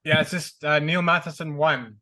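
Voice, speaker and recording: A man's voice: on the high side, fairly even intonation, moderate pace, pushed and bright. A man, a guest on a show, chatting in a laid-back way with dry humor. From Canada. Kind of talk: casual chat.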